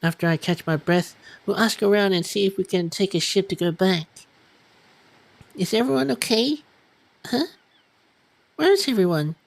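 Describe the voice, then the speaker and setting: A woman voicing a flustered, jumpy young female principal in a high, squeaky voice while reading game dialogue aloud. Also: moderate pace, creaky, long pauses, lightly acted. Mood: bewildered.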